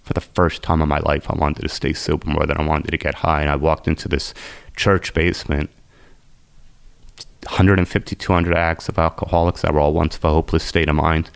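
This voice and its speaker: A man's voice: little pitch movement, brisk, no room sound. A man earnestly telling the story of his own recovery, quoting what people said to him. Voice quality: very deep gravelly voice. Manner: earnest, intense, quotes people as he retells. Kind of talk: emotional personal storytelling.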